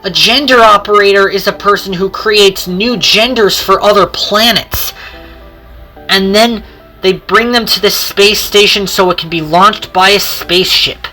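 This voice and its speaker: A woman narrating a homemade train story in an unhurried, sing-song storytelling manner. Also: medium pitch, pushed and bright, soft background music.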